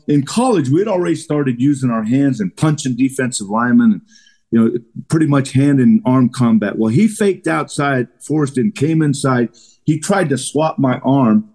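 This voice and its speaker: Middle-aged male ex-lineman guest; lively storyteller who acts out the quotes. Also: medium pitch. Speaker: guest, retired football lineman. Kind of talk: casual storytelling interview.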